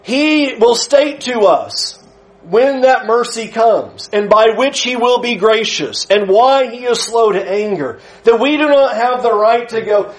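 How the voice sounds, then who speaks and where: Man preaching, high voice, earnest, emphatic sermon delivery. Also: measured pace, low-quality recording. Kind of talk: sermon lesson.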